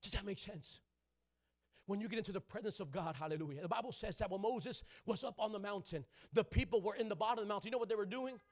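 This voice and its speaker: Man, preacher, sermon, very high pitch, call-and-response, church. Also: fast talker. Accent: Southern California. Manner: call-and-response preaching, building to loud shouting. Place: church sanctuary.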